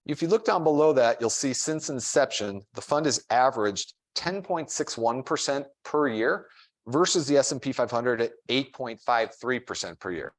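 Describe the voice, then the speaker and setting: Guy at a finance seminar walking through fund stats, plain and chatty, mid-pitch voice. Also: expressive, moderate pace. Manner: explanatory, plain-spoken, with fillers. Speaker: financial advisor presenting a fund. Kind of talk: seminar presentation.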